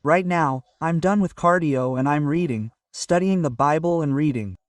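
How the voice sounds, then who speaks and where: A man's voice: on the high side, normal speed, no room sound, clean studio sound, distant mic. A man giving an earnest, casual motivational talk to camera and often checking in with "okay?". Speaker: motivational vlogger. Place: at home early in the morning.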